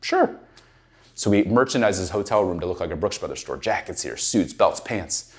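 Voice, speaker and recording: A middle-aged man giving a keynote talk, telling a story in an animated, conversational way with lots of "like". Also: deep voice, a little fast. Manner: animated, conversational, heavy use of "like". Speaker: keynote speaker.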